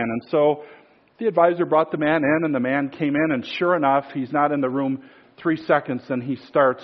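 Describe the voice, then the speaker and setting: A man's voice: medium pitch, brisk, lo-fi sound. A man preaching a sermon in a casual storytelling way, with many fillers and restarts.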